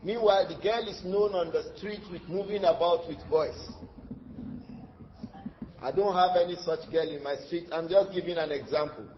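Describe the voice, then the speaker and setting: A man with a Nigerian accent giving a lively sermon as an Islamic lecturer, acting out dialogue in his stories and laughing often. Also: sits high, normal speed, a little hiss or hum. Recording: dull lo-fi lecture recording.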